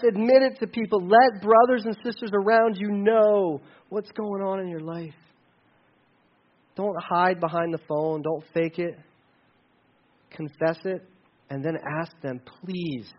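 Male pastor, high voice, casual sermon delivery, lo-fi dull recording. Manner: conversational preaching with dynamic rises and drops.

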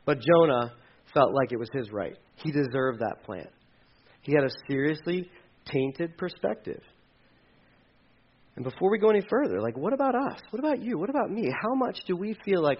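A man preaching a sermon in a conversational, animated way, acting out quoted voices. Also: a little high, normal speed, husky, lo-fi sound. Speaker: pastor.

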